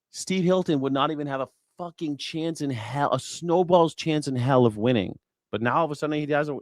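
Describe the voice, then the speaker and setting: A man's voice: mid-range voice, dry recording, studio quality. A man hosting a news reaction show, talking in a profane, sarcastic, rambling way. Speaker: host.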